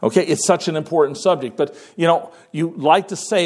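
A man delivering a sermon with a slightly raised pitch. His delivery is conversational and unpolished, with pauses and repeated words as he works through his points. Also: a little mellow. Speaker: preacher.

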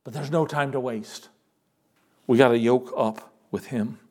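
A man preaching a sermon earnestly and urgently, swinging from loud rises to soft drops. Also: mid-range voice, fairly even intonation, unhurried. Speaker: pastor.

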